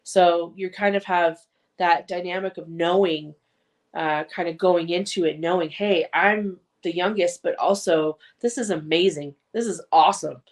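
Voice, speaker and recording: A woman's voice: lowish voice, normal speed. A woman co-hosting a podcast in casual chat, rambling along with many fillers. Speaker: podcast co-host.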